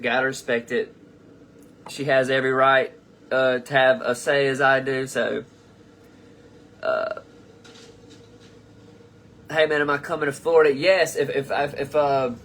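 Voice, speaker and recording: A man's voice: mid-range voice, a bit bright, a little hiss or hum. A young man hosting his own live comedy stream, reading fan comments aloud and answering them in a rambling, profane, casual way. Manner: rambling and profane, with frequent restarts. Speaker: comedian host of a live show.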